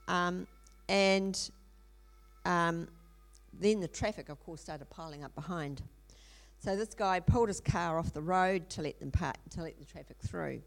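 A woman's voice: on the low side, vocal fry. A middle-aged woman telling a story in a sermon, earnest, with frequent ums and restarts. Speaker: speaker in a church teaching series.

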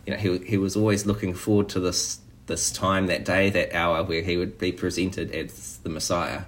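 Low-voiced man preaching conversationally. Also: little pitch movement, moderate pace, a little hiss or hum. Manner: conversational, frequent "you know" and restarts. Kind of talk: sermon.

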